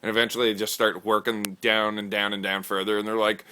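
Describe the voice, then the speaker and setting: Rambling man with a forceful voice. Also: on the low side, level tone, fast, few pauses, clear, resonant tone. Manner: rambling, stumbling, crude. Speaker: vlogger pitching a skit idea. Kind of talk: casual rambling pitch.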